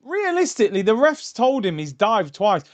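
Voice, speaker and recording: Excitable man reacting to a match. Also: high voice, moderate pace. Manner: excitable, shouts at the screen, chatty tangents. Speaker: football watchalong host. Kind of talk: live match reaction commentary. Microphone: streaming mic.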